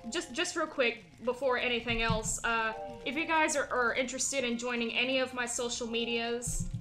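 A woman's voice: on the high side, pushed and bright. A woman streaming a video game, chatting casually and swearing freely as she wraps up. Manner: casual, profane, rambling. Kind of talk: game livestream commentary.

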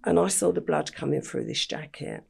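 An older woman from England, telling her life story in an interview at a slow, matter-of-fact pace. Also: low-pitched, sing-song, a little mellow. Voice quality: gravelly, husky voice. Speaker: podcast guest.

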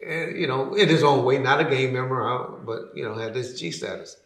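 A man speaks a little fast as an interview guest, telling a story in a casual, slangy way. He animatedly acts out other people's lines at full volume, then lets his phrases trail off into low mutters. The room adds a noticeable echo.

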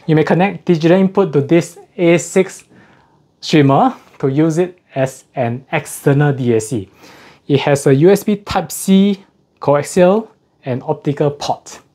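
In a casual walkthrough, a man unboxes and reviews audio gear, his voice a little high and warm at a moderate speed. He's slightly breathless, methodical about technical explanations, and self-correcting as he goes.

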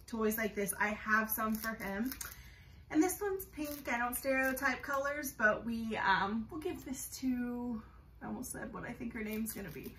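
A young woman chats through a casual home vlog, excitable and full of fillers. Her voice sits a little high and sounds very bright. She is heard a little way off the mic in a roomy, echoing space. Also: far from the mic, a little hiss or hum. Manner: chatty and excitable, many fillers, high coos to her bird. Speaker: bird vlogger. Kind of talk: casual show-and-tell vlog. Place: room at home. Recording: roomy echo, voice a bit off-mic.

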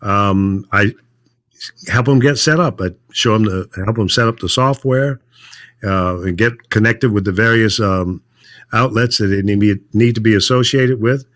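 Man, older, low voice, measured talk, casual chat, um and uh. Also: fairly bright tone. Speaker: radio veteran guest.

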